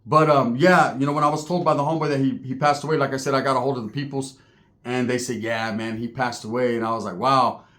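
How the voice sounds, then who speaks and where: A man's voice: mid-range voice, fast, fairly bright tone. A man telling rambling, profane, joking stories in casual talk. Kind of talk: casual storytelling.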